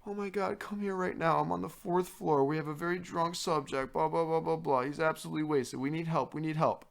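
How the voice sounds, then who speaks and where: A shrill, frantic female resident advisor as a man puts her on, jumping far up in pitch and pushing loud. She repeats herself insistently, fussy and alarmed. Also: steady tone, fairly quick, vocal fry. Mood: panicked.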